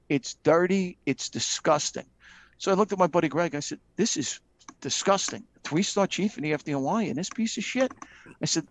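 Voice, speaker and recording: A middle-aged man, a retired fire captain, telling lively stories with frequent ums and acting out the dialogue he quotes. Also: fairly high pitch, no room sound. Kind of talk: casual storytelling in a live video chat.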